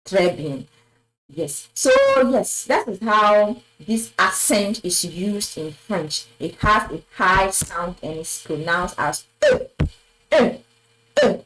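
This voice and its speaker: A woman's voice: on the low side, slow pace, fairly bright tone, faint music behind, poor audio. A woman teaching a French lesson at a board, patiently repeating words and praising with "très bien". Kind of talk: slow classroom lesson at a board. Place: classroom with a board.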